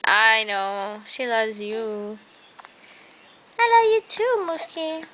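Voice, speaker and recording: A woman's voice: a little high, very animated, slow, fairly bright tone. A young woman in a playful home video, talking to a small child as his aunt in teasing, sing-song baby talk, recorded indoors on a handheld camera.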